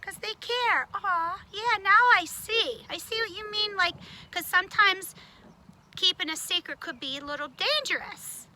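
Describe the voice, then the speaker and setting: A woman voicing a squeaky, excitable tiger puppet. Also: unhurried, a little hiss or hum, exaggerated voice. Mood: relieved. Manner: whiny, dramatic, swings between pleading and excitement. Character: young male tiger puppet, excitable and dramatic. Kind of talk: children's puppet show.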